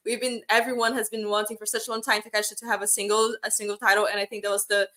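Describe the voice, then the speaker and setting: A woman's voice: fairly high pitch, level tone, fast talker, hardly any pauses, pushed and bright. A woman co-hosting a wrestling podcast, talking casually, emphatic and profane as she gushes about a match. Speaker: podcast co-host.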